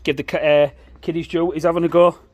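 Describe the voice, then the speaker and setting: A man's voice: on the high side, little pitch movement, fast, a little mellow. Chatty tradesman vlogging on site. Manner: chatty, banters and laughs with the crew. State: tired. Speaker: plumbing business owner. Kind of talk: casual on-site vlog narration. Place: building site bathroom.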